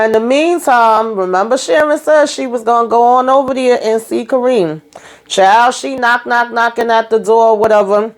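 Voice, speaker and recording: Woman vlogger doing a laid-back episode recap, chatty, lots of y'all and okay. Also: fairly high pitch. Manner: chatty and animated, acting out quotes. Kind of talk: casual recap chat.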